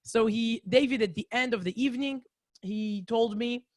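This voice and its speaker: A woman's voice: fairly high pitch, moderate pace, no room sound, studio quality. A woman from Israel with an Israeli accent, giving a chatty, self-mocking talk to a community over a video call. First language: Hebrew. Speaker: guest lecturer. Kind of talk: lively storytelling talk to a community. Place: home in a city, indoors.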